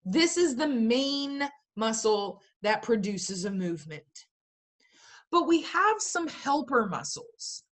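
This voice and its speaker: Chatty woman instructor on a video call, kinda high voice, lots of emphasis. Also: big pitch swings, takes it slowly. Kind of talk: online class lecture.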